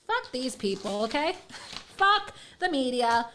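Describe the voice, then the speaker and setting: A young woman hosts her own show and delivers a fiery monologue straight to camera. Her voice sits high and bright, and she is sarcastic, defiant and blunt, with profanity and quick laughs between jabs. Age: young adult. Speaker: host of an online political show. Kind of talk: angry political monologue to camera.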